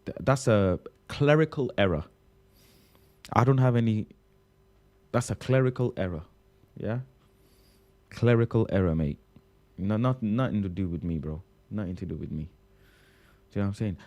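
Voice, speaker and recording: A Mancunian man with a lowish, mellow voice chats on a livestream in casual banter. He plays mock-indignant, repeating his lines and leaping up in pitch for effect before dropping back low. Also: very animated, normal speed. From Manchester, England. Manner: playful mock-indignant, repeating himself with big pitch jumps. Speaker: live streamer reading chat.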